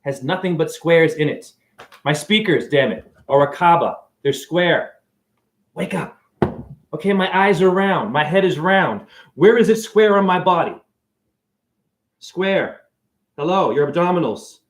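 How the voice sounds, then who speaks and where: Man, high voice, excitable, preachy, rambling livestream talk, from his apartment. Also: a little slow, pauses often. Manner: excitable, preachy, jumps between ideas. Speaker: self-styled spiritual teacher.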